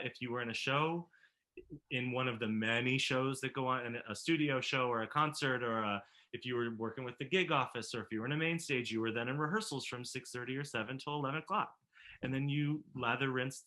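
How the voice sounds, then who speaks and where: A man with a bright, forward voice talks casually about his conservatory years. He is animated, laughs easily and trips over his own restarts. He comes through a video call. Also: mid-range voice. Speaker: musical theater professor and alumnus. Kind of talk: casual reminiscing conversation.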